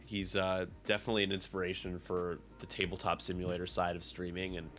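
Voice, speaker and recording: Deep-voiced, chatty male game commentator. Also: completely flat delivery, quick pace, fairly bright tone, faint music behind. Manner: chatty, rambling, with frequent restarts. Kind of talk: casual stream commentary.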